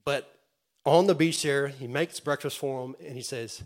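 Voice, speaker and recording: An earnest male preacher delivers a sermon, his voice lifting into loud calls to the congregation and then dropping into quiet storytelling. He often stumbles and restarts mid-phrase, and his pitch sits in an ordinary middle range. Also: normal speed. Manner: stammering restarts.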